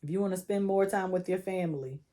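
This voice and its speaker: A young woman gives a relaxed, chatty tarot reading with a mellow, warm tone. She coaches the listener directly and drops in slang as she goes. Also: lowish voice, fast talker. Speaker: tarot reader.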